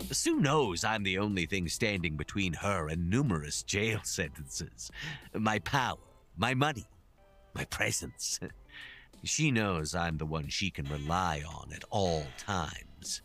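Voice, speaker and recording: An actor playing a scheming, menacing crime-boss father in a video game, speaking smugly and deliberately. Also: lowish voice, fairly bright tone, exaggerated voice. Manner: smug, menacing, slow deliberate delivery.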